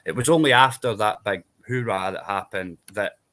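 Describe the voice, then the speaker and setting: A man's voice: fairly low pitch, moderate pace, fairly bright tone. A Scottish man in casual chat, rambling through long explanations and checking in with tag questions. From Scotland. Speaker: panel guest.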